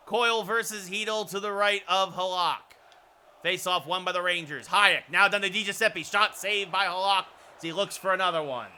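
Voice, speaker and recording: Brief: male streamer, thirties, high bright voice, excitable hockey play-by-play. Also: moderate pace, a little hiss or hum. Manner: excitable play-by-play calls, with asides to chat. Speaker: streamer doing play-by-play of a hockey video game. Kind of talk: sports play-by-play commentary.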